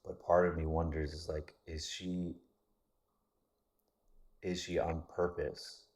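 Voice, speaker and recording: A man with a very deep, husky voice talks in a flat, even tone through a casual vlog monologue. He rambles candidly, restarting his sentences and swearing casually. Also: slow. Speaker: vlogger.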